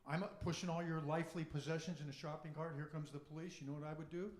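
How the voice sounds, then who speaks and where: A man performs stand-up comedy in a live club, his voice a touch higher than most men's. He moves quickly from joke to joke and rattles off long, deadpan lists. The room around him rings with echo.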